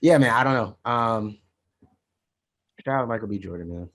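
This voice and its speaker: A man co-hosting a podcast in casual chat, animated and hedging. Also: medium pitch, normal speed. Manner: animated, hedging, talks over others. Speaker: podcast co-host.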